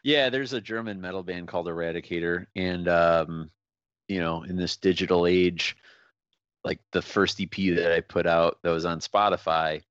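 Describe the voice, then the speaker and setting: Deep voiced musician guy, um-ing a lot, dull dry lo-fi sound. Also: fairly even intonation, moderate pace, fairly bright tone, smooth, dry recording. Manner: hesitant, many fillers, laughs often. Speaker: musician guest. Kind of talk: casual interview chat.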